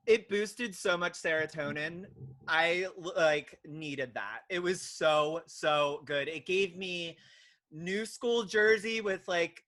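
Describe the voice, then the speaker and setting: A man's voice: high voice, bright, forceful tone. A young man who is a guest on a podcast, chatting casually and enthusiastically, full of "like" and "literally". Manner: enthusiastic fan talk, filled with "like" and "literally". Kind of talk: casual chat.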